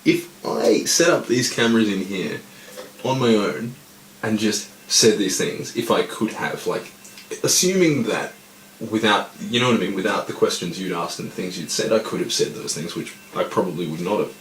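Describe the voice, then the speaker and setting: A man's voice: lowish voice, expressive, normal speed, echoey room, slight background noise, poor audio. A stoned man in casual chat who rambles, swears a lot, and keeps losing his train of thought. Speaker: podcast co-host.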